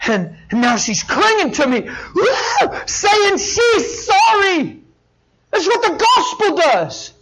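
Impassioned high-voiced preacher, man. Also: big pitch swings, takes it slowly, a little hiss or hum, low-quality recording. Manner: impassioned, swings from hushed to shouting. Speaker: pastor. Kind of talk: sermon.

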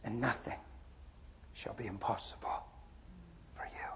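A man voicing a gentle, solemn Jesus who speaks softly and slowly to a grieving young man. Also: on the low side, steady tone, whispered, voice pushed down. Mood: tender.

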